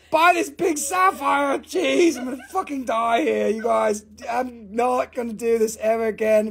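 A man's voice: extremely high pitch, gravelly. A man hosting a live stream that sells rocks, chatting in a profane, rambling way and laughing often. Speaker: host of a live rock sale. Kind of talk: live-stream sales chat.

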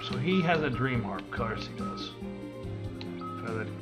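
A man's voice: medium pitch, expressive, normal speed. A man hosting a let's play from home, reading game dialogue aloud in a plain voice and adding wry asides. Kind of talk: casual gameplay commentary. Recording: game music playing under the voice.

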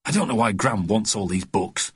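A man's voice: on the low side, lively intonation, normal speed, breathy edge. A man voicing an anxious young schoolboy who frets over his lost pet in a storybook reading. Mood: grumbling. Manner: worried, plaintive. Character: anxious schoolboy, Jeremy James's friend.

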